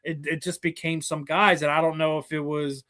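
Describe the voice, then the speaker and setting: A male host talking combat sports in a relaxed chat, his voice sitting a little high and sounding bright and forceful. He builds long, winding arguments, piling one opinion onto the next. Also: moderate pace. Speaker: interview host.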